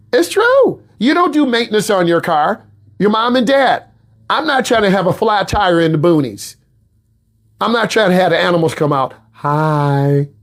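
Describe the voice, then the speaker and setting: A man from the Midwest, a teacher giving a classroom lecture and pushing his students to work harder. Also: high voice. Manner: animated, exhorting students, repetitive.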